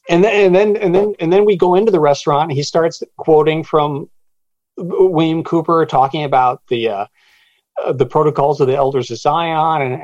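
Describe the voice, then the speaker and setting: Guy telling a story with lots of stammers and restarts, slightly high voice, dull lo-fi dry sound. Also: no room sound. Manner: halting, many restarts, animated retelling with quoted voices. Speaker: author guest. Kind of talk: storytelling interview.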